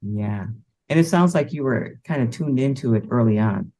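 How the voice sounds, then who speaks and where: A woman's voice: very deep voice, expressive, moderate pace, mellow, rough recording. A woman hosting a podcast, reflecting back the guest's story with short affirmations. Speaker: podcast host. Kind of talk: interviewer.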